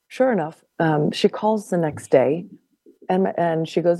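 Woman, podcast guest, low mellow voice, dry close sound, animated casual storytelling with frequent laughs. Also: moderate pace, gravelly, dry recording. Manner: animated, laughs often, repeats words while telling a story.

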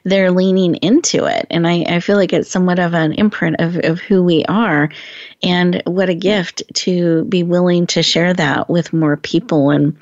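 A woman host in an interview who asks long, rambling, encouraging questions. Her voice is fairly low for a woman. The audio is dull and lo-fi in a dry space. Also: fairly even intonation, moderate pace, dry recording. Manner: warm, affirming, rambling questions. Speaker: podcast host. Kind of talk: conversational interview. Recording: dull lo-fi sound.

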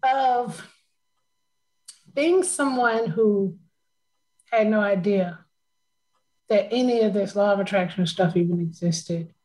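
A woman's voice: mid-range voice, low-quality recording. A woman talking in a casual conversation, telling a personal story with emotion and frequent laughter.

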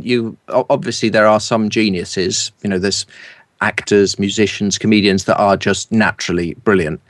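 A middle-aged English man with a low voice and a polished southern English accent, talking as an interview guest. He tells anecdotes in a lively way and laughs easily. His voice sounds close and dry, with little room around it. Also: no room sound. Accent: standard southern English. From East London, England. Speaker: guest, broadcaster and speaker coach.

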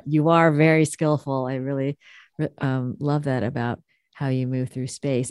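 A woman hosting a podcast interview, encouraging and halting, with fillers. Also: rumbling low, a little mellow, no room sound. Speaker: podcast host.

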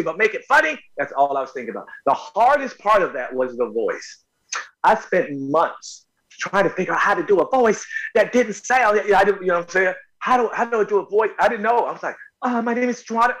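Animated high-voiced man telling stories. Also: poor audio. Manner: excitable, emphatic, swings into loud bursts when acting out moments. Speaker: actor guest. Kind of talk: animated storytelling interview.

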